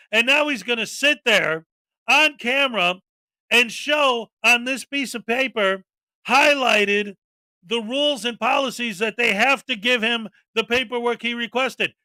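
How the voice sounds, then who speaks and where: A male show host giving casual, scornful commentary on a video, rising to shouts as he rants. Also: extremely high pitch, no room sound.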